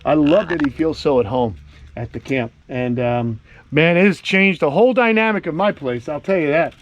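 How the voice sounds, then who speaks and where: A fairly high-pitched man speaks at a moderate pace, chatting enthusiastically and casually in an outdoor vlog. He's an animal keeper and vlogger walking around his animal camp.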